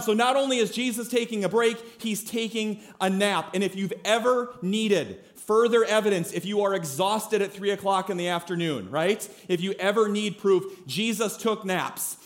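A male pastor preaching a sermon in an emphatic, conversational way, often checking in with the congregation. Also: sits high. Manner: emphatic, calls on the congregation to respond; conversational, with frequent "right?" and "okay?" check-ins.

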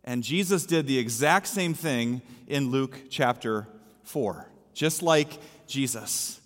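Slow and a bit bright, a male pastor's mid-range voice carries a sermon through a church sanctuary. He preaches with emphasis, repeating his key lines, and the hall is echoey with long reverb.

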